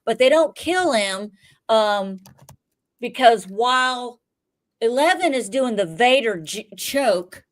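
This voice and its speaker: A woman on a casual podcast with a voice pitched a little above the usual. She retells a show in a loose, swearing, animated ramble, full of asides. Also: slow pace. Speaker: podcast co-host. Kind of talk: casual TV recap chat.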